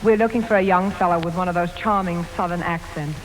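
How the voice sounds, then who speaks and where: A woman's voice: fairly low pitch, steady tone, fast talker, soft background music. A woman guest on a 1940s radio comedy, trading teasing, mock-sweet lines with the host. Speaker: guest actress. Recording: 1940s radio broadcast in a reverberant hall.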